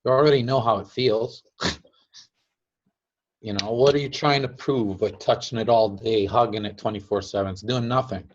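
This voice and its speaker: A man gives a casual talk as a teacher. His voice sits fairly low and he laughs between points, acting out little quotes. The recording is dull and lo-fi. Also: fairly even intonation, moderate pace, slight background noise. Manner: chatty, laughs often, acts out quotes. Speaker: teacher of a device-building group. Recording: dull lo-fi sound.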